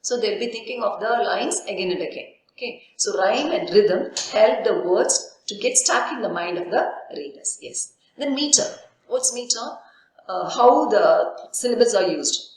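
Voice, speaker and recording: A woman's voice: mid-range voice, animated, moderate pace, a little mellow. A woman university lecturer giving a recorded literature lesson, asking herself questions and answering them, often saying "okay". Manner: explains with frequent "okay" and rhetorical questions. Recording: very echoey room.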